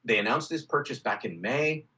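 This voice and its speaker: A man's voice: mid-range voice, moderate pace, sharp tone. A man giving emphatic, opinionated political commentary over a video call, with frequent "uh" and "you know". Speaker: political contributor. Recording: muffled video-call audio.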